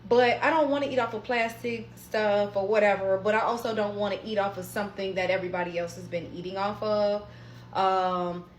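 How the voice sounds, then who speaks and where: A woman telling a personal story in a casual, animated way, swearing often and talking straight to her viewers. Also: mid-range voice, reverberant, a little hiss or hum.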